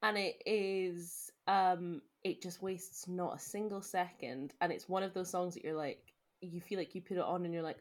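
A young woman talks in a lower register, rambling happily through a podcast chat. She laughs easily and leans on filler words as she goes. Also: steady tone, moderate pace, hardly any pauses. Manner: chatty, laughs often, trails off in filler words. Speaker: podcast co-host. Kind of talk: casual chat.

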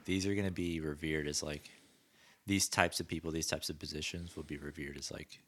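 A man's voice: extremely low pitch, fairly even intonation, brisk, fairly bright tone. A man co-hosting a podcast, chatting casually and enthusiastically about gadgets. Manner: enthusiastic, acts out quoted voices. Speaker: podcast co-host. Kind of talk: casual chat.

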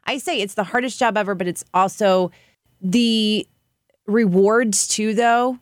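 A woman in her thirties, co-hosting a podcast in casual chat, emotional and quick to agree. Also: mid-range voice, fairly even intonation, no echo, clean studio sound. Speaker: podcast co-host.

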